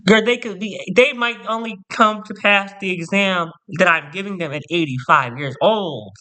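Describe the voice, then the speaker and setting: A man's voice: high-pitched, lively intonation, unhurried, pushed and bright, smooth. A man ranting to camera in a storytime vlog, sassy, boastful and theatrical, repeating punchy catchphrases. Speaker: vlogger.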